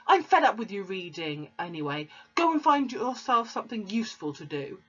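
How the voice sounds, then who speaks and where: A woman's voice: medium pitch, big pitch swings, normal speed, a bit bright, husky. A woman voicing a scornful, bad-tempered father who snaps and sneers. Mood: snapping angrily. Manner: snapping, sneering. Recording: dull lo-fi recording.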